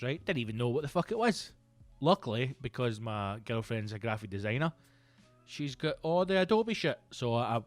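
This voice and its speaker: A Scottish comedian in his thirties hosting a podcast, rambling through a casual comic monologue that is full of swearing and breaks into loud outbursts. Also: mid-range voice, dry recording. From Scotland. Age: 30s. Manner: sweary, rambling, animated bursts into loud exclamations.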